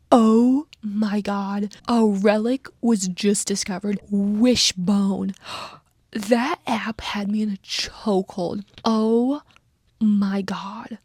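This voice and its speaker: A young woman with a slightly high, gravelly voice reads her old story aloud and mocks it with giggly sarcasm. She drops into quick whispers and squeals up now and then. Close mic in a dry, deadened room. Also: no echo. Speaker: booktuber reading her old fanfiction. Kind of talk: casual reaction reading.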